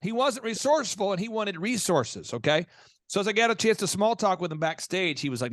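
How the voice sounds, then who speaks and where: A man's voice: high-pitched, no room sound, studio quality. A man hosting a business podcast, telling stories with energy and acting out the people he quotes. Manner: acts out quoted voices, fast and energetic. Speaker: podcast host. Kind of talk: animated storytelling.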